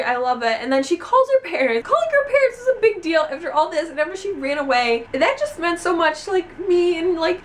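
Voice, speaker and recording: High-voiced gushing young woman vlogger. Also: slight background noise. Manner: gushing, excitable, full of "like" fillers. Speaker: book vlogger. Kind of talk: casual book review vlog.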